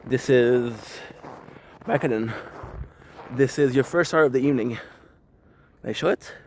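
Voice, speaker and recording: A man's voice: medium pitch, measured pace, a little hiss or hum. Rambling man vlogging outdoors. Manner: rambling, profane, self-reflective. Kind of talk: casual vlog monologue. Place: outdoors on a skateboard in the snow. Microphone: handheld camera, self-filmed. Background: faint street ambience and passing cars.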